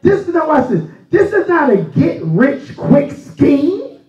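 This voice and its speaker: High-voiced pastor preaching in an echoey church. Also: male voice, huge pitch swings, slow. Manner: folksy preaching that rises into shouted emphasis. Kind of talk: sermon. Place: church sanctuary. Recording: echoey, distant, dull church recording.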